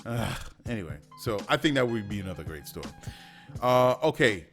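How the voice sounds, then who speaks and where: A man's voice: fairly low pitch, sing-song, a little fast, a bit bright, soft background music. A man hosting a podcast, giving opinionated solo commentary with many fillers and restarts. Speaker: podcast host.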